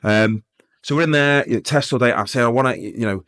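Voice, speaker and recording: A man's voice: medium pitch, fairly quick. A middle-aged man, a police sergeant telling his story in a casual interview, acting out the dialogue. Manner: lively anecdotal, acts out dialogue.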